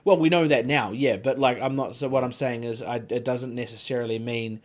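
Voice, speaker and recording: A man talking loosely on a podcast, mid-pitched and rambling. He swears freely and leans on "like" and "you know" while he chats. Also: fairly quick. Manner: rambling, swears freely, frequent filler words. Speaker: podcast co-host. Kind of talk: casual chat.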